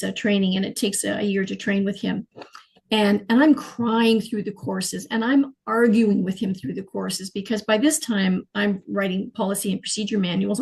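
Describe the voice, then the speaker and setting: A middle-aged woman, telling her life story as an interview guest in an animated, emotional way. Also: medium pitch, creaky, slightly rough, low-quality recording. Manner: animated, emotional, frequent fillers and restarts. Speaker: guest, clairvoyant healer.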